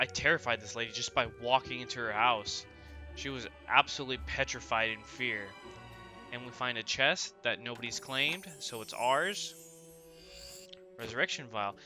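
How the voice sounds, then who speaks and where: A young man hosts a gaming channel, chatting casually about his gameplay and often asking viewers "right?" His medium-pitched voice sounds pushed and bright, recorded as a voice-over with game music behind it.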